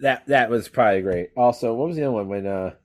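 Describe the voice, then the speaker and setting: Man, podcast co-host, casual chat, medium pitch, animated, rambling, swears a lot. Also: fast.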